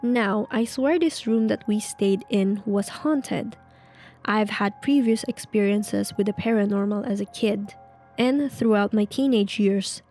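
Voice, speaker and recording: A woman reading a creepy story aloud in a slow, hushed way, with casual asides of her own. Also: medium pitch. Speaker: narrator reading online stories. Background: faint music.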